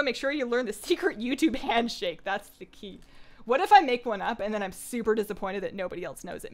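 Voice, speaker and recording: A young woman livestreaming a game, chatting casually and rambling in a self-deprecating way as she reads viewer comments. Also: medium pitch. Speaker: gaming streamer. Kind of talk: casual live-stream chat.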